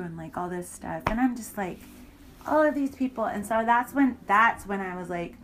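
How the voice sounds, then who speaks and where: A woman's voice: mid-range voice, expressive, moderate pace, a bit bright, slight background noise, rough recording. A woman in an interview, bluntly recounting a personal story with heavy profanity and indignant emphasis.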